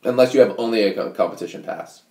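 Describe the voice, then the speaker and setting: A man's voice: lowish voice, fast, creaky, warm tone. A man chatting casually as a guest on a podcast, laid-back and jokey, often trailing off mid-sentence. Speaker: podcast guest, coffee business owner. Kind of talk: casual chat. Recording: echoey room.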